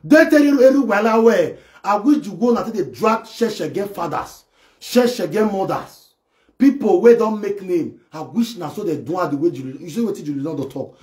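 A man doing a comic live-stream rant, excitable and mocking as he acts out imagined scenes. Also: sits high, normal speed. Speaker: comedy live video host. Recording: echoey room.

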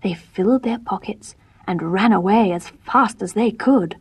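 A woman storyteller reading a fairy tale aloud in gentle, measured, soft-spoken scripted narration. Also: medium pitch, noisy background.

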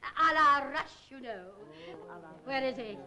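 A woman's voice: high-pitched, takes it slowly, bright, forceful tone, full character voice. A woman playing a fussy, bossy middle-aged housewife who puts on airs, on a 1930s film soundtrack. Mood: genteel. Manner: fussy, scolding, putting on airs.

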